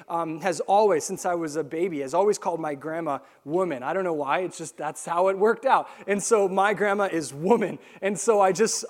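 Animated high-voiced male preacher. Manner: animated storytelling with acted-out quotes. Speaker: pastor. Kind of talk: sermon.

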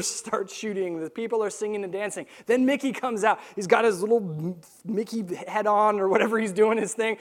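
A young man preaching a sermon, telling a lively story and acting out the quotes. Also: high-pitched. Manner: animated storytelling with acted-out quotes. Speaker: pastor.

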